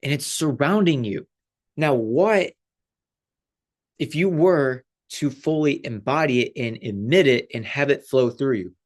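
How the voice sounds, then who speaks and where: A man, a life coach, giving a casual, animated spiritual talk with lots of fillers and frequent laughter. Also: medium pitch, a little slow.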